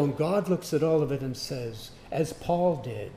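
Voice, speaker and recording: A man preaching a sermon, emphatic, swinging from loud declarations to hushed asides. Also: a little high, animated, a little slow, creaky, few pauses, slight background noise. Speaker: pastor.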